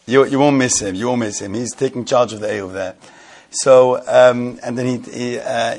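A man's voice: mid-range voice, fairly even intonation, normal speed, darkish tone. A man from the London area telling a rambling, amused anecdote to friends. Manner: rambling, amused, often breaking into laughter. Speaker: storyteller. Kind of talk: casual anecdote told to friends.

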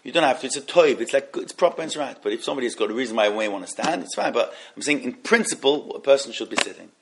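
A man's voice: medium pitch, animated, fast, creaky, a bit bright, slightly rough. A man teaching an evening class on law, who chants Hebrew text and explains it in with hesitant restarts.

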